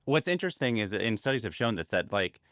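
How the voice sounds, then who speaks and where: A man hosting a casual podcast chat, offering thoughtful, measured remarks and brief listening cues. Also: lowish voice, big pitch swings, fairly bright tone, dry recording, clean studio sound.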